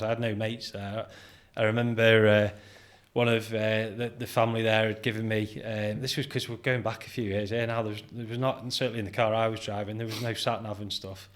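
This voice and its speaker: A British man in his forties, a guest on a podcast, recounts his start in business in a relaxed, chatty way. His voice sits fairly low, and he slips into quoted dialogue as he tells his stories, breaking into laughter along the way. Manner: animated anecdote-telling, acts out quoted dialogue, laughs often. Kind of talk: casual interview storytelling.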